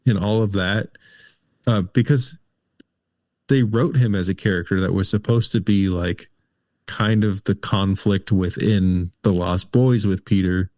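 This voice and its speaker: A man's voice: low-pitched, steady tone, measured pace, darkish tone, no room sound, clean studio sound. A man co-hosting a casual film review podcast, talking things through hesitantly with many fillers. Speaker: podcast co-host.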